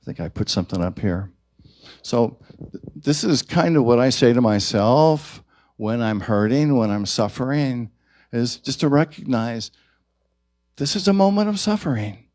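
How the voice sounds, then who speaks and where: A man's voice: mid-range voice, animated, unhurried, a little mellow. A man preaching a sermon at a church service, drawing the congregation in with questions and call-and-response. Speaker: minister.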